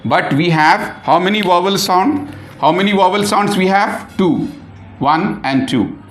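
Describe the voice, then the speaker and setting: A man's voice: high-pitched, a bit bright. A man teaching an English lesson, who spells words out letter by letter and asks questions he then answers himself. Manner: slow, repeats words and spells them out letter by letter. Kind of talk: classroom lesson. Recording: echoey room.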